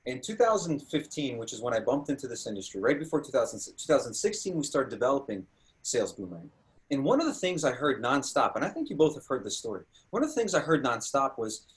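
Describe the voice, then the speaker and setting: A man's voice: medium pitch, quick pace. A man hosting a panel discussion, telling stories with energy and acting out quoted dialogue. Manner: animated storytelling, acts out quoted dialogue. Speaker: host.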